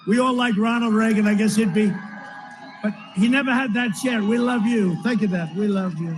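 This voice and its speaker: A man's voice: high-pitched, moderate pace, background noise. A man giving a campaign rally speech, rambling and repetitive, with frequent asides to the crowd. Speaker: politician addressing a rally. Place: large rally venue.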